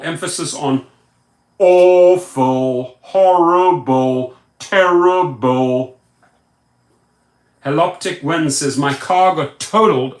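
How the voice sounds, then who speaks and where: A man's voice: mid-range voice, fairly bright tone, reverberant. Emphatic man hosting a live stream. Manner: emphatic, repetitive chanting of words. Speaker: rideshare YouTube host. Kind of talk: live stream chat, reading viewer comments.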